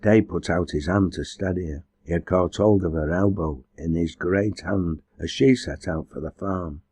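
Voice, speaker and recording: A man reading a novel aloud as an audiobook narrator, in measured, even storytelling. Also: low voice, husky, no room sound. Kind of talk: scripted narration.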